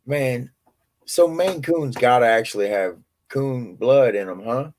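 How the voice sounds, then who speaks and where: This is a man talking casually with a friend on a stream. He jokes, swears and lets his sentences trail off. His voice sits at an ordinary middle pitch. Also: unhurried, darkish tone, slight background noise. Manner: loose, joking, swearing, trailing off. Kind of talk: casual chat.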